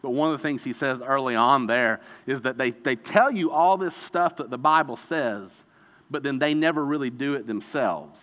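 Animated man preaching in an echoey hall. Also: medium pitch. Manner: animated, emphatic preaching with dramatic slowdowns. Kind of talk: sermon. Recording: dull reverberant hall recording.

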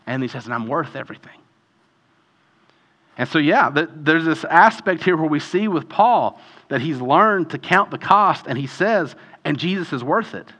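A man preaching a sermon in a conversational, animated way, often acting out quoted voices. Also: on the high side, normal speed. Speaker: pastor.

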